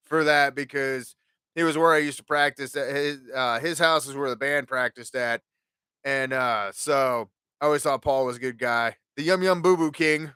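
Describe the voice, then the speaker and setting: A man's voice: on the high side, sharp tone, clean tone, no room sound. A man in his forties hosting a podcast, telling stories in a casual, profane, ranting way. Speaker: podcast host.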